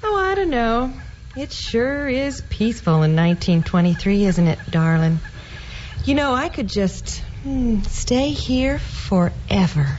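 A woman's voice: on the high side, very animated, measured pace, a little mellow, slight background noise. An actress playing a coy young wife in an audio drama, sweet-talking and teasing her husband. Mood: dreamy. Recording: slightly dull audio drama recording.

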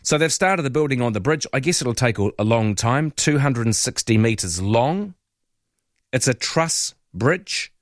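A man's voice: medium pitch, animated, measured pace, no room sound. Kiwi man, talk radio host, rambling chatty delivery, dry studio sound. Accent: New Zealand. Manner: chatty, rambling, asks listeners to call in. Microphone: studio microphone.

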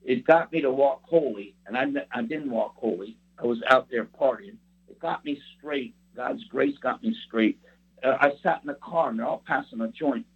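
A man's voice: mid-range voice, moderate pace, slightly rough. A man preaching a personal testimony in an earnest, rambling storytelling way. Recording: tinny phone-like sound.

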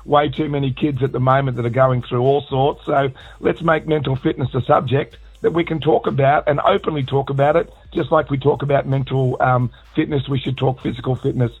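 An Australian man calling in to a radio show, slightly hoarse from a frog in his throat, chatting in an upbeat, matey way with plenty of restarts. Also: mid-range voice, fairly even intonation, a little fast, few pauses. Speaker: charity founder calling in. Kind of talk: casual radio phone chat. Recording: tinny phone line with faint music.

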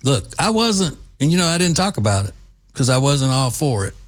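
A man's voice: medium pitch, very animated, moderate pace. A man from the United States hosting an opinionated commentary monologue, emphatic and combative, hammering his points home through repetition. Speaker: political commentary host.

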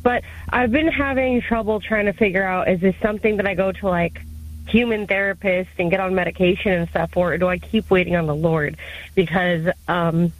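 A woman's voice: fairly low pitch, fairly even intonation, fairly quick, poor audio. Hesitant emotional woman in her thirties. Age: 30s. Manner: hesitant, emotional, filler-heavy. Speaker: caller. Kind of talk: call-in question.

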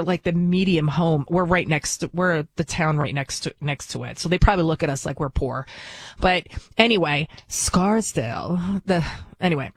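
A woman's voice: lowish voice, a bit bright, no echo. Blunt, outspoken woman news host. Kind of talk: casual monologue.

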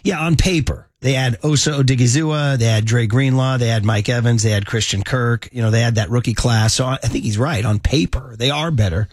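A man's voice: mid-range voice, fairly quick, few pauses, dry recording, clean studio sound. A man hosting a casual morning sports radio show, rambling and self-deprecating with lots of restarts.

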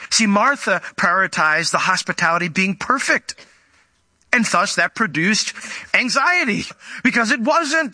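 A man's voice: fairly high pitch, sharp tone, no echo. A man preaching a sermon who explains the meaning of words, asks rhetorical questions and acts out the voices of the figures he quotes.

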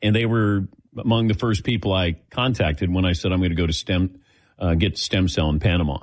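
A man's voice: sits low, steady tone, brisk, no echo, studio quality. A middle-aged man, a show host, telling a chatty personal story and acting out the voices of people he quotes. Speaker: host taking audience questions. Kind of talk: casual storytelling.

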